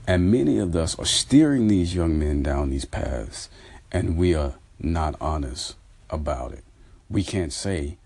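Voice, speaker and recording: Earnest middle-aged male host, low husky voice, dry close sound, recounts talks and preaches a lesson. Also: animated, unhurried, a little mellow, dry recording. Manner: retells conversations, quoting others, earnest and preachy. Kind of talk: casual spoken commentary.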